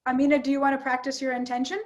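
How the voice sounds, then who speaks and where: A woman's voice: sits high, little pitch movement, very fast, dull audio. A woman teaching public speaking in an online workshop, coaching participants with encouragement.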